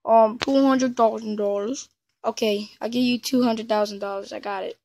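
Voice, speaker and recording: Woman doing a scatterbrained car salesman, game role-play, somewhat high, hesitant. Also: steady tone, normal speed, warm tone, close to an everyday voice. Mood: eager. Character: bumbling male car salesman.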